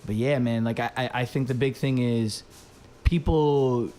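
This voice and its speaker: A man's voice: medium pitch, steady tone, a little slow, dark tone. A young man telling a story in casual chat, rambling, swearing, leaning on "like". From Dominican family, raised in the US. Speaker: podcast host.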